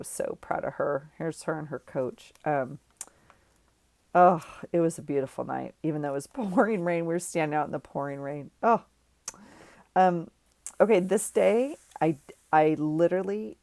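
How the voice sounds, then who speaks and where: A woman's voice: low voice, vocal fry, a little mellow, no echo. A woman in her forties, a journaling vlogger, chatting in a rambling, emotional way with lots of fillers. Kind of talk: casual chat.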